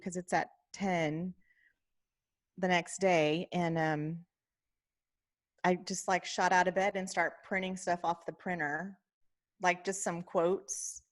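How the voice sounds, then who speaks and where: Woman co-host telling a lively story. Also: fairly low pitch. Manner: animated storyteller, often quoting herself and others. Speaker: podcast co-host. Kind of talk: casual chat.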